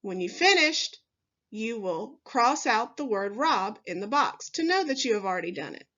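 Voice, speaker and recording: Woman, first grade teacher, slow clear phonics lesson, fairly high voice, dull lo-fi audio. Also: fairly bright tone. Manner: slow, clearly enunciated, encouraging teacher talk.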